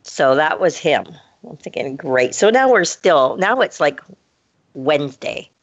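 Woman, storyteller, animated, acts out dialogue, lower voice, dull dry sound. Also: unhurried, dry recording. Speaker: podcast co-host telling a story. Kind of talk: casual storytelling chat.

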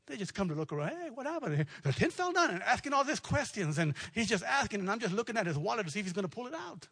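A male pastor from preaches with a high, husky voice. He moves from relaxed storytelling into a building, emphatic, repetitive declaration. His colors his words. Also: rapid-fire. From South Texas. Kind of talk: sermon.

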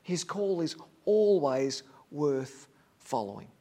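In a high, light voice, a man gives a sermon, preaching earnestly and emphatically and repeating phrases to drive each point home. His delivery is expressive, slow, and mellow.

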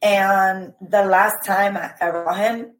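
A woman telling a painful personal story as a podcast guest, emotional and halting, with many fillers. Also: mid-range voice, fairly even intonation, roomy sound, low-quality recording.

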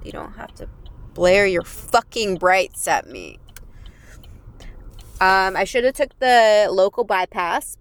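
A young adult woman comedian, hosting her own podcast, ranting sarcastically and with heavy swearing while driving home at night in a car. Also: fairly low pitch. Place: car in freeway traffic at night.

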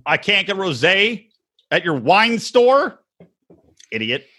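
A man co-hosting a casual comedy podcast, swearing a lot and acting out quotes in an animated way. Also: high-pitched, slow. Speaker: podcast co-host. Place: recording room, west coast.

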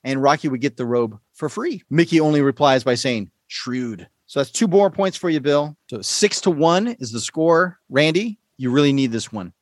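A man hosting a casual podcast quiz, playful and quick to laugh. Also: medium pitch, no echo. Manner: playful, laughs often, lively delivery. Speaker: quiz show host.

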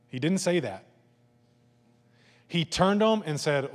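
A man preaching a sermon in a conversational, animated way, acting out voices and asides. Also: on the high side, unhurried. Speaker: pastor. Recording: long hall reverb.

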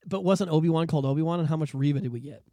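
A man hosting a podcast in casual chat, excitable and emphatic, swearing freely. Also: a little high, rapid-fire, dry recording, lo-fi sound. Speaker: podcast host.

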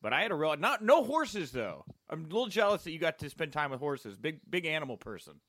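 Playful high-voiced man hosting a podcast. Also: big pitch swings, brisk, fairly bright tone, dry recording. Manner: playful and jokey, sings his greeting. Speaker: podcast host. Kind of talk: casual chat.

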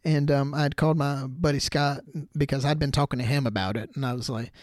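A man's voice: mid-range voice, fairly even intonation, a little fast, no room sound, studio quality. A young man hosting a podcast, telling a story in a rambling casual way full of "like" and "you know". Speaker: podcast host.

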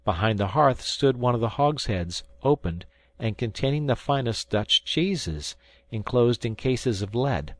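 A man reading a first-person story aloud in measured storytelling. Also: fairly low pitch, dry recording. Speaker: audiobook narrator. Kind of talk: scripted first-person narration.

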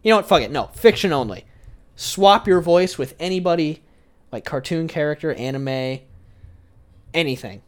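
A young man co-hosting a casual chat, teasing his friend, often trailing off quietly at the ends of phrases. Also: fairly high pitch, animated, normal speed, long pauses.

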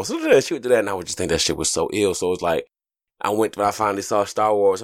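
A man hosting a casual podcast, talking loosely and profanely, telling stories and jumping into high joking voices, while getting over a stomach flu. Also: a little fast, no echo, clean studio sound. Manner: loose, profane, animated storytelling with sudden high jokey voices. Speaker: podcast host. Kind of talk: casual solo podcast monologue.

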